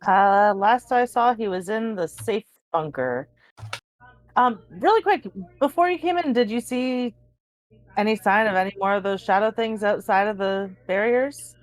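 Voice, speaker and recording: Loud, eager woman player on a dry mic. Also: medium pitch, unhurried, no echo, low-quality recording. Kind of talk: casual tabletop game chat.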